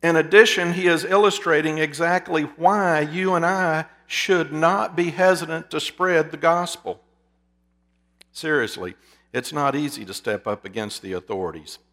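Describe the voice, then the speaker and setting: A man preaching a sermon, asking his listeners rhetorical questions and dropping to a hush for emphasis. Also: fairly high pitch, normal speed. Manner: drops to a hushed voice for emphasis.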